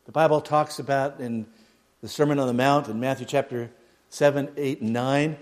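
A man preaching a sermon, dropping to near a hush and then rising loud. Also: mid-range voice, fairly even intonation, moderate pace. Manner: dramatic swings from hushed to loud, mocks a pompous prayer voice.

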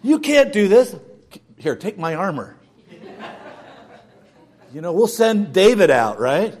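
A man's voice: high voice, sing-song, takes it slowly, a little mellow, full character voice. A preacher as a flustered old king. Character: King Saul, flustered older male king.

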